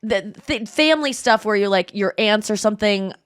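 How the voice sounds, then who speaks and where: Brief: thirties woman, podcast host, chatty self-deprecating storyteller, mid-pitch. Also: moderate pace. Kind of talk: casual chat.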